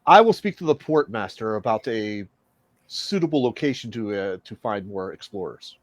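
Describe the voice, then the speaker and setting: A man's voice: on the low side, expressive, moderate pace. A man playing a tabletop game, hesitant and prone to repeating himself, mock-formal when in character. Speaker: player. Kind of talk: tabletop role-play, in and out of character.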